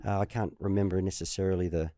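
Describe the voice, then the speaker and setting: Quick and low-voiced, the ex-tennis player speaks over clean studio sound without any room noise. The Australian guest, in his fifties, spins lively stories in easygoing conversation, voicing what others said.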